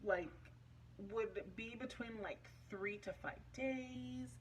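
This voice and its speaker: Slow-paced and somewhat high-pitched, a young adult woman talks over slight background noise. She's casually vlogging a personal story, chatty and emotional and full of fillers.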